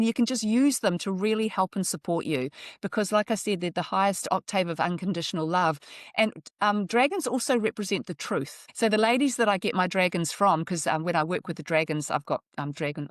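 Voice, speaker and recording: A woman's voice: fairly low pitch, no room sound, studio quality. Earnest, chatty middle-aged woman astrologer. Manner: earnest, chatty, laughs between thoughts. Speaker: astrologer and workshop leader. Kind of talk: relaxed interview talk. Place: New Zealand.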